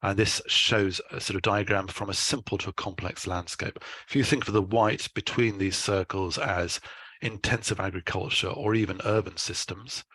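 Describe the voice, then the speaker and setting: A man giving a conference talk as a scientist, explaining in a measured way with dry asides. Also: low-pitched, steady tone, sharp tone, husky.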